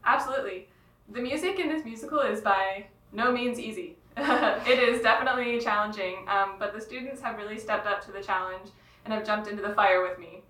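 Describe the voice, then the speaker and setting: Upbeat woman choral director, bright. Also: mid-range voice, a little fast, roomy sound, distant mic, slight background noise. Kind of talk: podcast interview.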